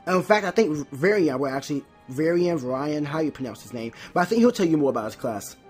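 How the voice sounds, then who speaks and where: A Let's Play host giving casual gameplay commentary, often stumbling, restarting words and filling pauses with "um". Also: medium pitch, lively intonation, darkish tone, soft background music.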